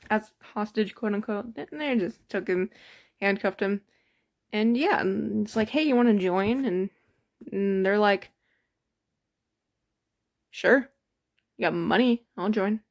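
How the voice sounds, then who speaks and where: A woman with a fairly high voice recaps a tabletop game session. She talks in a loose, rambling way, often breaking into giggles. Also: gravelly. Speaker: storyteller. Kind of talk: casual storytelling of a tabletop game.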